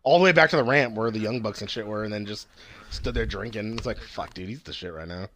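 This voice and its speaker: A man's voice: fairly low pitch, fast, fairly bright tone, muffled recording, a little hiss or hum. A young man chatting casually about wrestling, slangy and profane, often laughing. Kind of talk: casual wrestling chat podcast.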